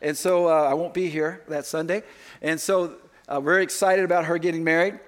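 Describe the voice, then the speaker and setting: A man's voice: on the high side, fairly even intonation, moderate pace. A middle-aged man preaching a sermon as pastor in a church, talking conversationally with joking asides. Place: church sanctuary.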